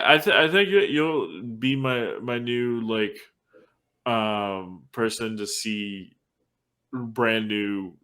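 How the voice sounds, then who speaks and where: A man with a fairly low voice hosts a laid-back horror movie podcast. He rambles as he talks, and he restarts his sentences often. His speech is filled with loose "like"s. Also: pushed and bright. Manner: rambling retelling full of "like" and restarts. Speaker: podcast host. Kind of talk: casual film-review chat.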